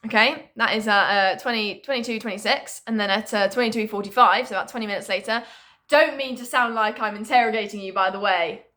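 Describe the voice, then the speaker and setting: A young woman tells a story in a chatty, animated way, swearing freely and laughing often. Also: mid-range voice, a little fast. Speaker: vlogger. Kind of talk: casual storytime monologue.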